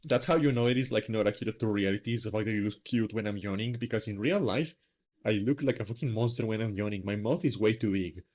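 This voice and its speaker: A man's voice: fairly low pitch, quick pace, a little mellow. A man hosting a live stream, chatting casually in a rambling, self-mocking way with lots of fillers. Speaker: streamer host.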